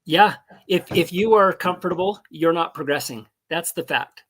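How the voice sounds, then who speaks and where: A man's voice: on the high side, normal speed, a bit bright, husky. A man in his seventies, speaking as a guest on a video call in an earnest, folksy, encouraging way. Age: 70s. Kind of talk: casual motivational talk.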